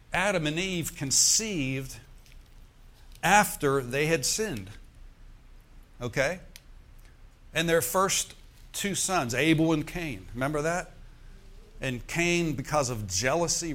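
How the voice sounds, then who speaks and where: A man preaching a sermon, slowing down to stress key words and asking the congregation "Amen?" between points. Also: on the high side, fairly bright tone. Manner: preacher's call-and-response with "Amen?" and "Praise the Lord". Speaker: pastor.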